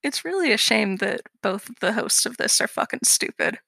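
A woman's voice: a little high, expressive, normal speed, vocal fry, pushed and bright, no echo. A young woman co-hosting a casual podcast, dry and sarcastic, swearing often. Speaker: podcast co-host. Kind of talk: casual chat.

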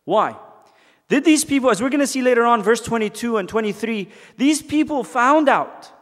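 A man teaching a youth Bible study, telling stories in a lively way and acting out characters in quick asides. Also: very high voice, long reverb tail. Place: church hall.

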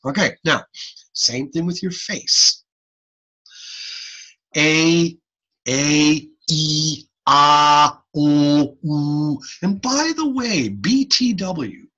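A man teaching an online class over a video call. He demonstrates speech sounds aloud, with animated changes of voice, and often repeats himself. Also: a little high, slow pace, husky, muffled recording. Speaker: instructor. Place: home or office on a video call.

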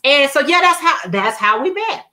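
A woman's voice: sits high, very animated, moderate pace, pushed and bright. A woman hosting a casual crafting livestream, telling chatty stories in colloquial speech and reading viewer comments aloud.

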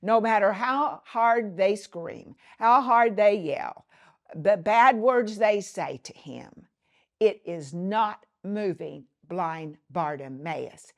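A woman's voice: mid-range voice, animated, slow pace. A woman minister giving a televised Bible teaching, reading scripture and speaking in an earnest, emphatic way.

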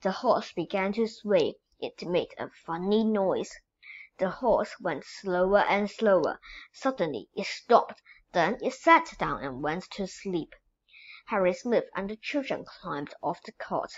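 Woman reading a storybook slowly. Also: mid-range voice, husky, lo-fi sound. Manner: slow, expressive reading for children. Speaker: storybook reader.

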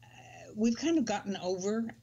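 A woman's voice: mid-range voice, animated, moderate pace, husky. An older woman in casual conversation, reflective and easygoing. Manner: reflective, with soft laughs. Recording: dull muffled sound.

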